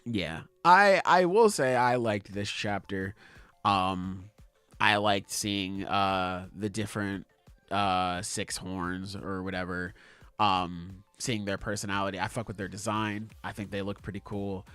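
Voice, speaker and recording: A man's voice: lowish voice, steady tone, measured pace, fairly bright tone, clean tone, no room sound. A man hosting a podcast in casual chat, talking with enthusiasm and swearing freely. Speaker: podcast host.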